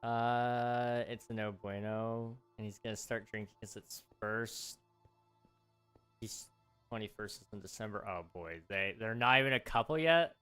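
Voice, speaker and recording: A young man chatting casually with viewers during a live game stream, talking through pauses with fillers. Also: lowish voice, bright, forceful tone, clean tone. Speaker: livestreamer. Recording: faint background music.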